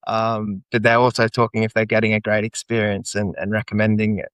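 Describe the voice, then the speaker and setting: A man's voice: fairly low pitch, monotone, brisk, fairly bright tone, no room sound. A man hosting a podcast interview in casual chat, speaking hesitantly with many restarts. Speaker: podcast host.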